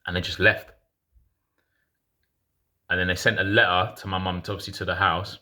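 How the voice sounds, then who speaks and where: A man's voice: deep voice, level tone, normal speed, pushed and bright. A man in his thirties casually telling a personal story in frank, slangy talk full of restarts.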